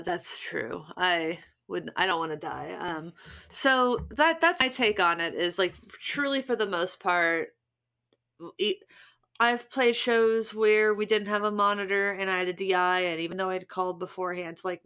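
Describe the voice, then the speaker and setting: Woman, thirties, podcast co-host, casual chat, chatty, animated delivery. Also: on the low side. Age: 30s. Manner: chatty, animated, laughs often, many restarts.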